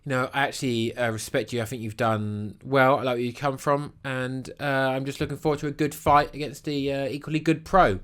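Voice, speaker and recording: A man putting on a soft, hesitant, complimentary voice as a polite male football manager. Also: mid-range voice, fairly even intonation, a little fast, few pauses, clean tone, pitched below the performer's own voice, close to an everyday voice.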